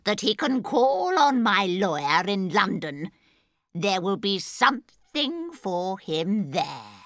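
A man voicing a wealthy, sharp-tongued old lady in a storybook reading, speaking slowly and scornfully. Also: high-pitched, sing-song, dry recording, studio quality, pitched above the performer's own voice, exaggerated voice. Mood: haughty. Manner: slow, scornful, mocking.

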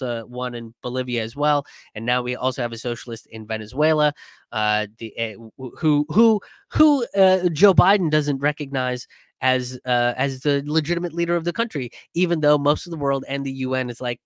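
A man's voice: mid-range voice, no echo, clean studio sound. A man giving casual, rambling political commentary, sarcastic and sweary, with many fillers and restarts. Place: in a car.

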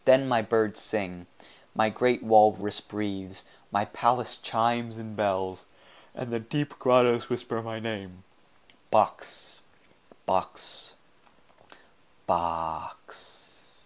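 A man voicing an insane half-man, half-machine male sculptor who speaks in a grandiose, theatrical, drawn-out way. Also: fairly low pitch, lightly acted. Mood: rapturous.

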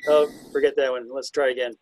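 Speaking fast at a medium pitch with a level tone, this man chats through a self-deprecating illustrated talk on identifying birds by ear. Now and then he imitates calls with hoots and whistles. The recording is very noisy.

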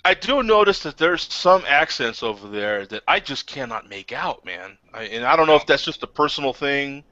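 A man's voice: mid-range voice, normal speed, dry recording. Hyped up host guy, swoops all over the place, laughs a lot. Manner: laughs often, excitable. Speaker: podcast host. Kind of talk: casual chat. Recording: lo-fi online call audio.

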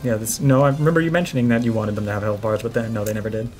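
A young woman playing a video game and reacting excitably, often swearing and laughing. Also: a bass voice, very fast, soft background music. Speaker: let's play player. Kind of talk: casual game commentary.

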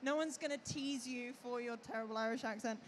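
A woman's voice: on the high side, a little fast, slight background noise. A woman panelist at a live convention panel, talking casually and chattily, full of "like". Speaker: panelist, actor and player. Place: on stage at a comic convention panel.

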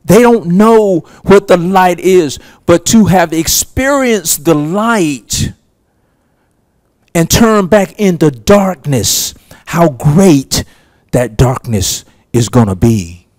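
A male preacher delivers his sermon in a slow, deliberate way, leaning on each phrase and pausing long between them. His voice sits fairly high for a man. The sound is dry and close, with no room echo. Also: animated, a little mellow. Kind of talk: sermon teaching.

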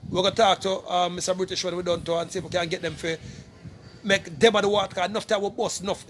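High-voiced Jamaican man making an emphatic appeal. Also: fairly even intonation, fast talker, fairly bright tone, a little hiss or hum. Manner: emphatic, repetitive, keeps calling out to "people". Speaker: vlogger appealing for donations. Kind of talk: casual direct-to-camera appeal.

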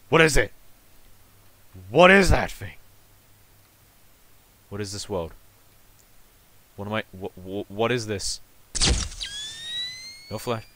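A man's voice: fairly low pitch, expressive, slow pace, pauses often, pushed and bright, no room sound. A young man commenting on a horror game as he plays, jumpy and exclaiming, talking back at the game. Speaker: let's play gamer. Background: game music.

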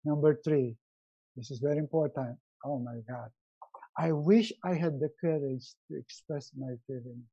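Middle-aged man, motivational speaker, animated, jumps high for quotes, mellow tone. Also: normal speed, breathy edge, muffled recording. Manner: animated, acts out quotes in a raised voice. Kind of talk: motivational webinar talk.

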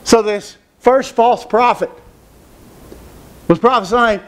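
A man's voice: high-pitched, animated, measured pace, pauses often, darkish tone. A man preaching a sermon, who speaks emphatically, asks rhetorical questions and repeats phrases.

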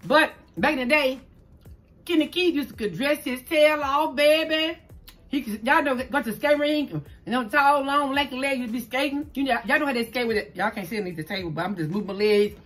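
Southern lady from new orleans, talks fast and trips over words, kinda high voice, eating and chatting at home. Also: a bit bright. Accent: Southern US, New Orleans tinge. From New Orleans, Louisiana. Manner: talks fast, stumbles over words, calls listeners "child". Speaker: mukbang vlogger host. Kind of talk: casual chatty storytelling while eating. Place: indoors at home, green screen.

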